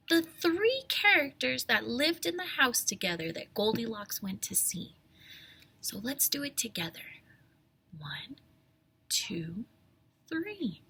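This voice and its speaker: Animated teacher reading to kids. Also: female voice, high voice, breathy edge. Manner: animated, whispers asides to the children. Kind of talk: storybook read-aloud for young children.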